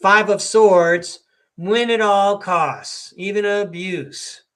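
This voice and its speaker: A man's voice: high-pitched, takes it slowly, a bit bright. An American man hosting a podcast, reading tarot cards live in a chatty, rambling, folksy way that is often broken by laughter. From United States. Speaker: podcast host and tarot reader.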